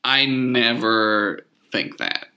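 A man co-hosting a podcast in casual chat, teasing and throwing in quick remarks. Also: mid-range voice, bright, forceful tone, poor audio. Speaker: podcast co-host.

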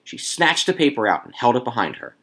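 A man reading a story aloud to a few listeners, expressive, with casual asides. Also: mid-range voice, a little fast, breathy edge.

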